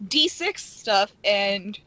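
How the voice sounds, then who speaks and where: A woman's voice: mid-range voice, animated, extremely slow, sharp tone, dry recording. A woman chatting casually as a player in a tabletop game, laughing often. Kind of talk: casual chat. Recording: dry, dull lo-fi audio.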